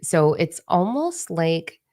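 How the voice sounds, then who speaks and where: A middle-aged woman with a low voice talks through a spiritual live stream in a loose, rambling way. She swears freely and keeps her delivery frank and animated. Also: slow. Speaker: spiritual channel host. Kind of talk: casual live-stream talk.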